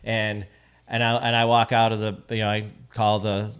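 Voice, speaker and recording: A man's voice: fairly low pitch, monotone, moderate pace, fairly bright tone, clear, resonant tone. A man with a Michigan accent, a podcast guest telling a personal story in casual conversation, earnest and prone to repeating his words.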